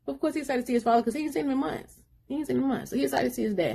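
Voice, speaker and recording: Brief: husky-voiced woman, relaxed book recap, rambling and slangy. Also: high voice, very fast. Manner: rambling retelling with slangy asides. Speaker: book reviewer.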